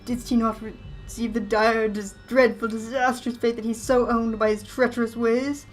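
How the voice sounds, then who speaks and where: A woman voicing a mournful, grandiose male knight ghost who speaks in archaic, theatrical drawn-out phrases. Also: fairly high pitch, little pitch movement, soft background music, voice pushed up, natural voice. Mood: aggrieved.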